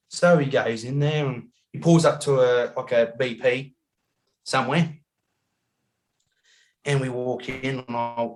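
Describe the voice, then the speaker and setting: An Australian man telling a travel story as a podcast guest over a video call, animated and laughing often, acting out the people he met. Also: medium pitch. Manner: animated yarn-spinning, acts out voices, laughs often.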